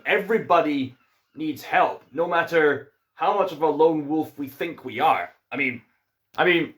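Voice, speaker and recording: A man's voice: fairly high pitch, a bit bright. A man with a Scottish accent giving a casual film review, musing and hesitant, with frequent fillers.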